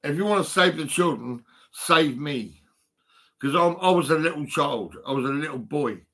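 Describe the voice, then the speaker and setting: An older man holds forth in an angry, profane rant, piling up insults and tag questions. His voice sits a little high and comes out sharp and tense. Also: moderate pace. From United Kingdom. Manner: bitter, swearing, repetitive with tag questions. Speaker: vlogger.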